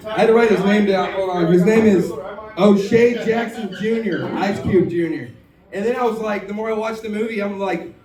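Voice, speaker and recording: A man's voice: high-pitched, brisk. A man doing a stand-up comedy set on a bar stage, telling jokes in a self-deprecating, drawling way. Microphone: handheld stage mic. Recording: echoey bar from far off with crowd.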